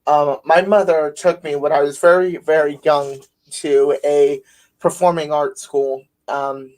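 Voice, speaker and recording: A man's voice: on the high side, steady tone, a little slow, darkish tone. A man hosting a podcast, telling stories in a rambling casual way with many fillers. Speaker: podcast host. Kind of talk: casual conversation.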